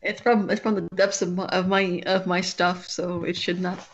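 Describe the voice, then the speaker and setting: A woman's voice: lowish voice, flat delivery, moderate pace, a crowd in the background. Rambling woman streamer, dull lo-fi audio. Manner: rambling, self-interrupting, restarts sentences. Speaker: streamer chatting with a friend. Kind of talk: casual chat while drawing.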